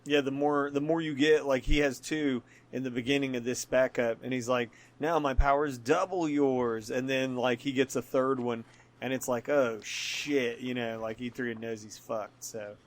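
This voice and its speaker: A man's voice: mid-range voice, flat delivery, moderate pace. A man co-hosting a podcast, chatting casually about comics, laid-back, laughing often and swearing loosely. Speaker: podcast co-host.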